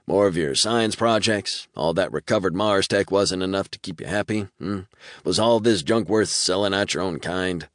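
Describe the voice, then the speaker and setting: A man's voice: low voice, moderate pace, dry recording, studio quality, natural voice. A male audiobook narrator voicing a cocksure male soldier captain with a Southern American drawl. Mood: taunting.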